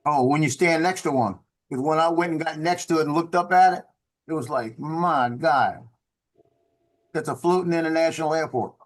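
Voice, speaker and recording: A middle-aged man speaks in casual conversation, a military veteran recalling his service. His voice sits a little high for a man, and he tells his story in a rambling way, leaning on fillers and tag questions. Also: fast. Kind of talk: casual chat.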